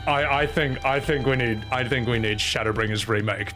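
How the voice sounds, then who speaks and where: A male streamer giving casual, ranting game commentary at a middle pitch. His tone is sarcastic and he swears freely as he complains about the series. He talks straight to his chat. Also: normal speed, sharp tone, faint music behind.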